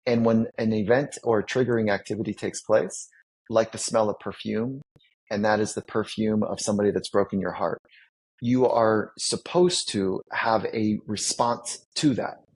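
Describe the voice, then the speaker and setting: A man's voice: fairly low pitch, moderate pace, breathy edge, poor audio. A man, a psychologist guest on a podcast, explaining ideas in a teacherly way and building his points with vivid everyday examples. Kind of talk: explaining concepts in a podcast interview.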